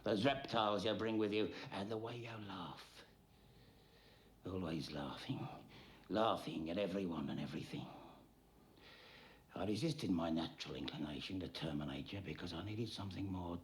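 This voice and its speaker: A man doing a coldly contemptuous, vengeful rich man who lays out his grudge slowly and deliberately in a very deep voice. Each word is icy and measured, with a faint hiss of noise beneath it in an old film soundtrack. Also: close to an everyday voice. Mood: cold disdain. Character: cold vengeful wealthy man, coolly contemptuous. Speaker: film character. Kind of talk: 1980s British film drama acting.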